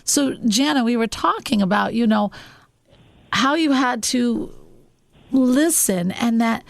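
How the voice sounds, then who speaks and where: A woman hosting a wellness radio show, her fairly high voice full of gravelly fry. She talks softly and stretches out words for emphasis. She is close and dry on a studio mic. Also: expressive, slow, no room sound. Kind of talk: spiritual wellness talk show.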